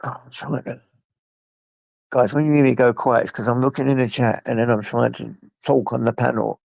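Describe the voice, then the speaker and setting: A man's voice: medium pitch, fairly even intonation, a little fast, gravelly, darkish tone, no echo. A man chatting casually on a live stream from his phone, rambling and talking to his pets, with a blocked nose from a coming flu. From England. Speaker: livestreamer.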